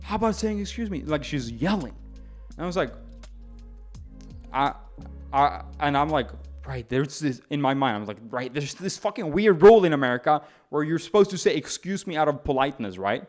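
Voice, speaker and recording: A man's voice: a little high, normal speed, faint music behind. Rambling slightly drunk male streamer. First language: not English. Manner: rambling, animated, frequent restarts and stammers. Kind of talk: casual storytelling to stream chat.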